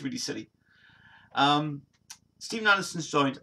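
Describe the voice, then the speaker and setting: Gravelly and rambling, this East Midlands livestream host from Nottingham is in his forties and reads viewer comments in casual chat. He keeps restarting, leans on fillers and laughs a lot, speaking a little fast in a medium-pitched, slightly bright voice.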